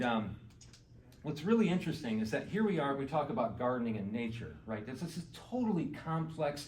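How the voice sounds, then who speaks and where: Recorded from a distance in an echoey meeting hall, this man, a garden club speaker and author, lectures casually to a live audience. His mid-range voice has a darkish tone with slight background noise, and he chats conversationally, quizzes the room, and often says "you know."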